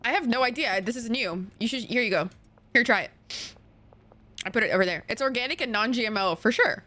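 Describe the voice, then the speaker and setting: A woman's voice: a little high, fast talker, pushed and bright. A young woman streaming a game, chatting casually with a friend, joking crudely and swearing freely. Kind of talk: casual gameplay chat with a co-op partner.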